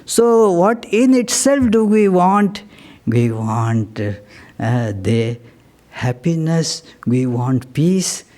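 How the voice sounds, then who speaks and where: A man giving a spiritual discourse, reflective and halting, with many pauses and fillers as he reads and explains poetry. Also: on the high side, sing-song, mellow. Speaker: monk giving a spiritual talk.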